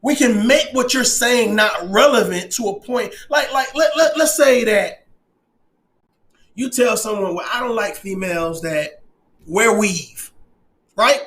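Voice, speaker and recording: A man delivering a passionate opinion rant, emphatic and often shouting, swearing and laughing through his points. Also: high-pitched, a little slow. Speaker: commentator.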